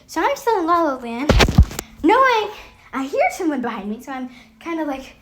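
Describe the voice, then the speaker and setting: A woman's voice: sits high, big pitch swings, normal speed, a bit bright, a little hiss or hum. A young woman telling a rambling storytime, with lots of fillers and frequent laughs. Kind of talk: casual storytime vlog.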